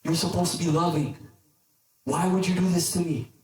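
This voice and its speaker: A pleading, whiny lump of clay with a somewhat high voice, as a preacher in a sermon puts it on. It begs its maker with question after question, heard from a distance in an echoey hall. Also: male voice, moderate pace, darkish tone, close to an everyday voice. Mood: anguished. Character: lump of clay, male, longing, complaining.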